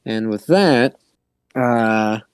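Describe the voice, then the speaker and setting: Slow, smooth-voiced man game master. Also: medium pitch, no room sound. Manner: unhurried, hesitant with fillers. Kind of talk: narrating a tabletop game.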